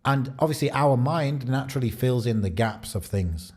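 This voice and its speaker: A man's voice: medium pitch, lively intonation, moderate pace, darkish tone. A man with a British accent chatting casually on a podcast, rambling and thinking aloud with many fillers. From Britain. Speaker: podcast co-host.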